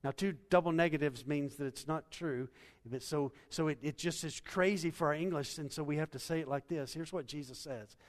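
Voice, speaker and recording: A man preaching a sermon as pastor, swinging from loud emphatic bursts to hushed endings. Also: fairly high pitch, fairly quick, long reverb tail.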